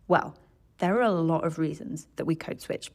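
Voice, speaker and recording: Woman, language coach, slightly low voice, conversational, keeps adding "right?". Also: moderate pace. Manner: chatty, self-correcting, tags sentences with "right?". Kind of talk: solo educational podcast talk.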